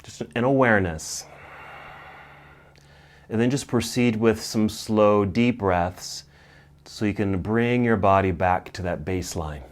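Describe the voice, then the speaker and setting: A middle-aged man teaching a yoga class, calmly cueing poses and breaths, slightly out of breath. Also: lowish voice, a little slow, long pauses. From United States. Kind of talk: guided yoga class instruction.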